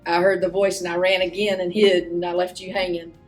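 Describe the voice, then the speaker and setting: A teacher in her forties giving a tribute message, slow and chatty with teasing humor. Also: lowish voice, flat delivery, soft background music. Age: 40s.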